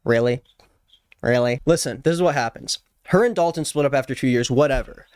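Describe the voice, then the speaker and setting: Young male YouTuber, playful commentary with jokey asides, smooth clear tone, dry close sound. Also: fairly high pitch, fast, a little mellow, dry recording. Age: 20s. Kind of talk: casual commentary. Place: Los Angeles.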